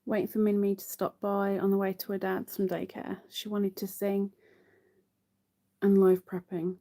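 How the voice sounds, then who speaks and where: A woman's voice: mid-range voice, monotone, moderate pace, dark tone. A woman hosting a live crochet stream, chatting casually to viewers while she counts her stitches.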